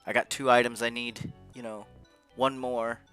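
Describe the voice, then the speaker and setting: A man's voice: medium pitch, flat delivery, normal speed, fairly bright tone, clear, resonant tone. Frustrated man rambling over game music. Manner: frustrated, rambling, swears often. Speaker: gameplay commentator. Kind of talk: casual post-game commentary. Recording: faint game music behind.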